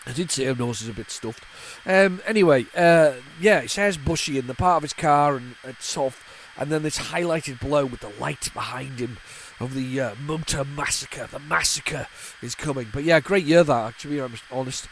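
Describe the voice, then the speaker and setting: Male host, 40s, loose nostalgic chatter over old games, lots of restarts and false starts, everyday middle pitch. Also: normal speed, few pauses, a little hiss or hum, poor audio. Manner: rambling and nostalgic, with frequent stammering restarts and repeated words. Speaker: retro gaming channel host. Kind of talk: casual off-the-cuff commentary while loading a tape.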